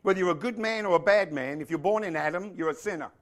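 A man's voice: sits high, fast. A male pastor preaching a sermon to his congregation, fervent and emphatic, often asking the listeners questions. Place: church.

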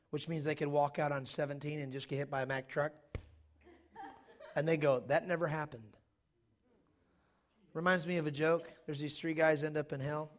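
A man preaching a sermon to a congregation, reading scripture loudly with emphasis and dropping into quick joking asides. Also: a little high. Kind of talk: sermon with humor. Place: church, live congregation.

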